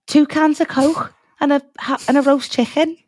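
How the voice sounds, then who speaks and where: Casting: woman doing a gruff, clipped male baking judge in a put-on Liverpool accent, big pauses between phrases, set well above her own pitch. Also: fairly even intonation, a little mellow, no echo, close to an everyday voice. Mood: mocking. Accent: Liverpool, put on badly. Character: mocking impression of a blunt male TV baking judge.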